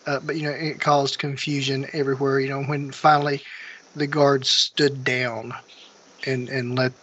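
A man co-hosting a casual movie podcast, talking haltingly with many fillers and restarts. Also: medium pitch, level tone, a bit bright. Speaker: podcast co-host. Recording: dull lo-fi sound with faint noise.

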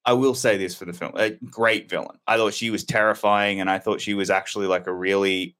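Low-ish guy rambling through a movie review, candid and loose. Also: steady tone, brisk, a bit bright. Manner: rambling, candid, self-correcting. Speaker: film reviewer. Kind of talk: casual film review chat.

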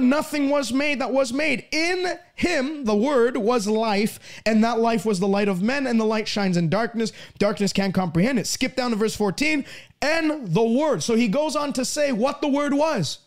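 A man preaching a sermon, reading scripture aloud with slow, emphatic stresses. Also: extremely high pitch.

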